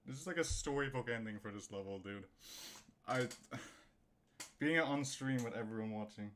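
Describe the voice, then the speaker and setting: A man's voice: mid-range voice, moderate pace, fairly bright tone, slight background noise. A young man streaming a game live, stammering and exclaiming in disbelief after finishing a hard level. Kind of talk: live-stream reaction commentary.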